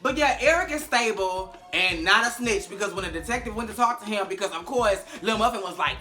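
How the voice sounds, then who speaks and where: Sassy, bright-voiced recap host. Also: medium pitch, brisk, few pauses, faint music behind. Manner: sassy, animated and profane, acting out quotes. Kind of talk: casual recap commentary.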